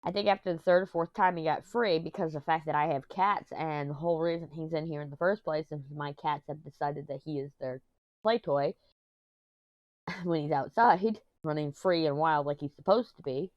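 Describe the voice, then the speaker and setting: A woman's voice: sits low, moderate pace, no echo, highs cut off. A woman vlogging from her home office, talking in a rambling, chatty way while getting over an illness that has left her throat sore. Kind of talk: casual chat.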